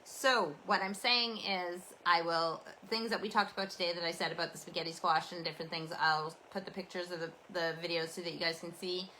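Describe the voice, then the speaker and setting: A woman's voice: lowish voice, fairly even intonation, fairly quick, hardly any pauses, pushed and bright, a little hiss or hum, rough recording. A Canadian woman hosting a casual rambling chat, talking in a meandering, chatty, self-deprecating way. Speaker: host.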